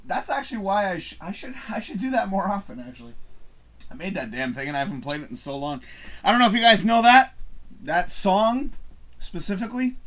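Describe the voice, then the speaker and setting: Lively bright-voiced man hosting a live stream. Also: high voice. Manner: rambling, chuckling, reads viewer comments aloud. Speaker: live show host. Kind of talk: casual live-stream chat.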